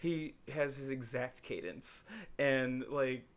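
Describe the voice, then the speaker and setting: A young Illinois man co-hosting a casual podcast takes his time, speaking slowly at medium pitch. His stories drift along with plenty of fillers, and he voices the people in them with animated impressions.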